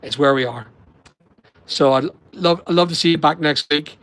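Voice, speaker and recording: A man's voice: a little high, moderate pace, a bit bright, rough recording. A middle-aged man with a Northern Irish accent chatting on a live stream, rambling and answering viewers' comments as he goes. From Northern Ireland. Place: holiday lodging abroad. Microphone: laptop or phone on a weak connection.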